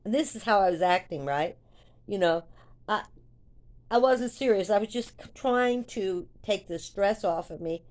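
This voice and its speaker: An older woman vlogging, telling a story to her viewers in a chatty, rambling way that grows animated when she retells events. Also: mid-range voice, unhurried. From United States.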